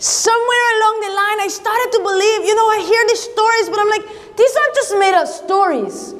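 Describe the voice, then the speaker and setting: A woman's voice: extremely high pitch, normal speed, a bit bright. A woman leading a camp chapel, telling a Bible story in the first person to young campers with playful sound effects and questions. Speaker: camp worship leader. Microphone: action camera. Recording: long echo in a hall.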